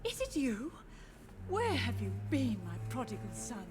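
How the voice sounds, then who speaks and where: Brief: high, lively-voiced old mother, lost in grief, wistful and drifting, video game dialogue over loud score. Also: unhurried, music in the background. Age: older. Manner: wistful, drifting, gently insistent. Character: frail grieving old mother, confused, haunted by her dead. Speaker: game character.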